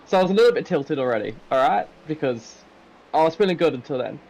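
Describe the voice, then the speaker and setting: English man, guest racer, lively, self-mocking, fairly high voice. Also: fast talker, vocal fry, slight background noise. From England. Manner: animated, self-mocking storytelling. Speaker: guest driver and commentator.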